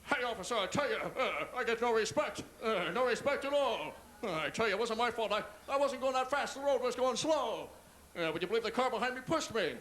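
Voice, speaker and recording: A man's voice: very high voice, lively intonation, a little fast, a bit bright, slight background noise, pitched above the performer's own voice. A man doing a whining no-respect comic. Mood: complaining. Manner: whining excuses, throat-clearing "uh"s. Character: self-pitying male comic who gets no respect.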